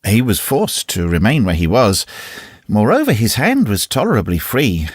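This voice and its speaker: A male narrator reads a classic novel with a lively, swooping delivery that rises and falls widely. His voice has a slightly husky grain, recorded close and dry with no room around it. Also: on the low side, normal speed, no room sound. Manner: expressive, varied reading. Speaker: audiobook narrator. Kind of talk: scripted narration.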